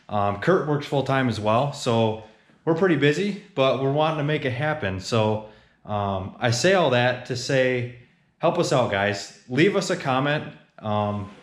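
A man co-hosting a garage build vlog, chatting casually and rambling with lots of ums in his workshop. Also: mid-range voice. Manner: relaxed, rambling with many ums. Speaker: YouTube garage builder co-host. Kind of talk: casual shop vlog talk. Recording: echoey garage room.

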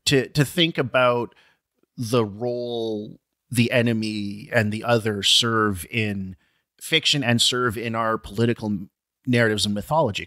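A man co-hosting a casual podcast, his voice bright and forward with a low pitch underneath. He trips over his words and restarts often, tacking on side remarks. The sound is close and dry. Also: dry recording. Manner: stammering restarts, digressive, apologetic asides. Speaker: podcast co-host.

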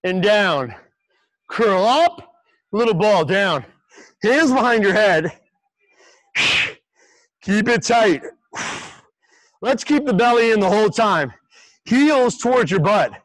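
A man's voice: sits high, no echo, low-quality recording. A man coaching a livestream workout, breathless and encouraging, counting down reps. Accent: American. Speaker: fitness coach.

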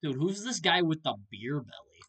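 Young male gaming host, loose jokey commentary, very animated pitch. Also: moderate pace, husky. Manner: chatty, joking, reacting aloud to the game. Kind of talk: casual let's-play commentary.

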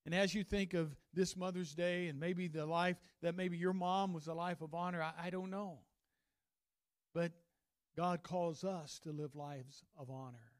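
Man, pastor, folksy sermon, high-pitched voice, dry close sound. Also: unhurried, dry recording. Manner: folksy, animated storytelling with asides. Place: church.

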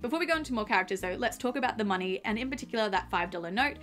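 A woman's voice: on the high side, lively intonation, very fast, over loud music. An Australian woman hosting a casual episode breakdown, chatty and upbeat with lots of fillers. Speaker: host.

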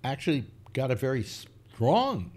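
A man's voice: mid-range voice, a little slow. An older man, the show's host, chatting casually and telling rambling stories with lots of fillers. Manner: rambling, animated storytelling with many fillers. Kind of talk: casual chat.

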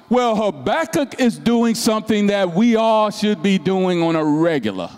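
A man preaching a sermon as pastor, slow and emphatic, with repeated rhetorical questions and passages that drop to soft, hushed tones. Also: high-pitched, very animated, long reverb tail.

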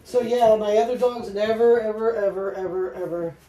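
A woman vlogger chatting casually while she paints, soft-spoken and reflective, often trailing off mid-sentence. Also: mid-range voice, steady tone, normal speed. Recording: roomy echo with faint noise.

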